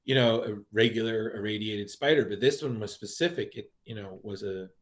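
On a casual podcast, a male co-host with a lowish voice talks fairly quickly as he rambles through a horror comic review. He piles on fillers and restarts and acts out quotes along the way.

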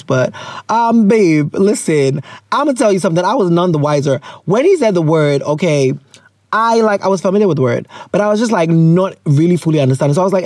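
A man in his thirties hosts a playful, chatty show and slips local slang into his talk. His voice sits high and swings up and down a lot. The sound is dry and close, with no room around it. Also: lively intonation, fairly quick, a little mellow, dry recording. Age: 30s. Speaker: podcast host. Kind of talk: casual chat.

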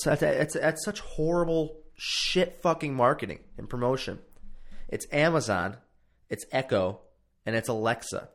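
Rambling, profane podcast guy. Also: fairly high pitch. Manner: rambling, profane, self-mocking. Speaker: podcast host. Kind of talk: casual solo podcast monologue. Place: home podcast room.

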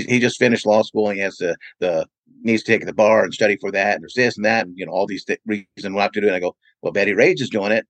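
A man's voice: fairly low pitch, fairly bright tone, dry recording, low-quality recording. A man who promotes events, answering interview questions with long, rambling anecdotes full of "you know". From California, USA. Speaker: event promoter and radio DJ, podcast guest. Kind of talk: casual interview storytelling.

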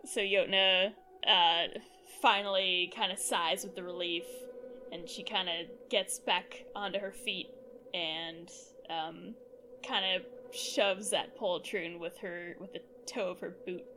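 A woman playing a tabletop game, narrating her character slowly and hesitantly. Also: fairly low pitch, steady tone, background noise. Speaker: player.

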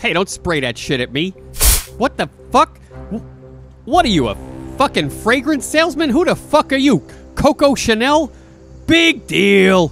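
An actor playing a brash, foul-mouthed man who boasts loudly and shouts curses. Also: very high-pitched, big pitch swings, measured pace, pauses often, soft background music, heavily acted. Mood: belligerent. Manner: loud, profane, escalating shouts.

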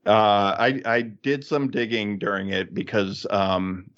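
A man's voice: on the low side, slow, a bit bright, lo-fi sound. A man co-hosting a casual podcast chat, wry and joking, often laughing mid-sentence. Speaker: podcast co-host.

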